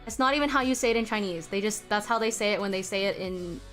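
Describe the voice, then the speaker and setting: A woman's voice: mid-range voice, quick pace, a bit bright, faint music behind. A woman streaming while she draws, chatting casually with viewers, answering the chat aloud and laughing often.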